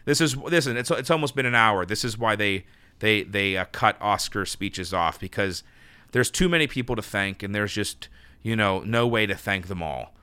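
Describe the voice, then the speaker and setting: This recording is dry, and the man's fairly low voice comes across bright, forceful and clean at a normal speed. He's a podcast host in his 30s, alone in his New York apartment, stumbling through an emotional, nervous thank-you monologue that rambles and restarts often.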